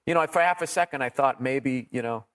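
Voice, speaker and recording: Profane comedian telling stories. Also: male voice, medium pitch, a little fast. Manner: profane, animated storyteller acting out quotes. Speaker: comedian guest. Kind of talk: storytelling interview.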